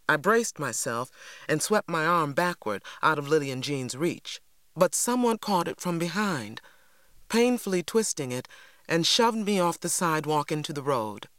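A reader narrating a novel in a measured, dramatic storytelling manner. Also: medium pitch, a bit bright, no room sound, studio quality. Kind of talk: audiobook narration.

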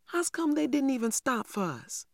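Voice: high voice, sing-song, normal speed, vocal fry, no echo, studio quality, pitched above the performer's own voice, exaggerated voice. A reader doing an indignant little boy. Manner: demanding, insistent questions. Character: small indignant young boy. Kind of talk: audiobook character voice.

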